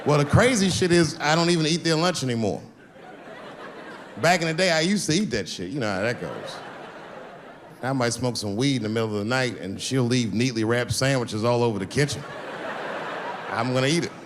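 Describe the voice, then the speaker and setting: A man's voice: medium pitch, fairly quick, pauses often, background noise. A man doing stand-up comedy, telling a laid-back story and acting out the other voices in it. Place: comedy stage with live audience.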